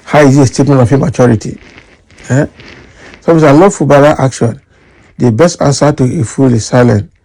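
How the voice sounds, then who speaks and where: Gravelly Nigerian man with a dark voice. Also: medium pitch, fairly quick, pauses often. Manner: animated, mixes in Nigerian Pidgin. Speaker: news commentator. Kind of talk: reading news and reading out comments.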